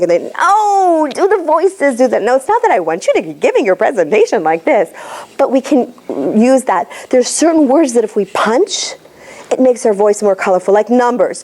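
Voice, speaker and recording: Lively woman coaching a live audience. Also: fairly high pitch, moderate pace. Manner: lively, direct, playful with the room. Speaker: pitch coach. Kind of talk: live workshop talk.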